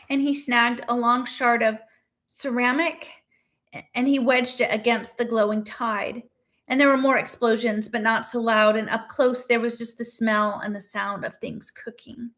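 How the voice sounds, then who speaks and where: A woman reading a novel aloud in a steady, measured narration. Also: a little high. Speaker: reader.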